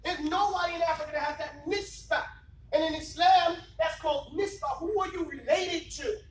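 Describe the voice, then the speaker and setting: A man's voice: extremely high pitch, normal speed. A man, an Islamic teacher, giving an emphatic classroom lecture and keeping his students engaged with rhetorical questions. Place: classroom, indoors. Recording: echoey room from far off, faint noise.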